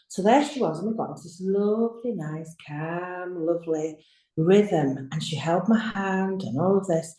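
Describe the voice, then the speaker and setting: Woman, nurse guest. Chatty and animated storyteller, warm low-key tone, echoey video-call sound. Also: unhurried. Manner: lively, chatty, acts out her own quotes.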